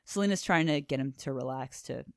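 A woman's voice: rumbling low, brisk, no echo, clean studio sound. A woman co-hosting a podcast, enthusiastically recapping a comic book in casual chat and swearing now and then. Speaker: podcast co-host.

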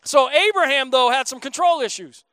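A man's voice: extremely high pitch, moderate pace, bright, forceful tone, no room sound. A man in his thirties preaching a sermon as a pastor, in a casual, joking, conversational way.

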